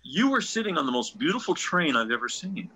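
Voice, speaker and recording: A man, a ventriloquist guest, telling anecdotes in a casual, animated way, often restarting his sentences. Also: a little high, brisk, breathy edge, rough recording. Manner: animated storyteller, restarts often, acts out quotes.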